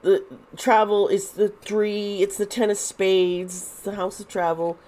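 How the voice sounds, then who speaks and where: A woman giving a casual tarot reading, talking in a halting way and repeating her words. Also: medium pitch, level tone, darkish tone. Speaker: tarot reader.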